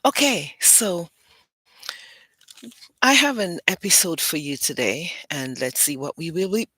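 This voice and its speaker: Slow, chatty woman hosting a livestream. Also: on the low side, lively intonation, bright, forceful tone, breathy edge, no room sound. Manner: chatty, rambling, playful. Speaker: host and publisher. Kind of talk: casual livestream talk.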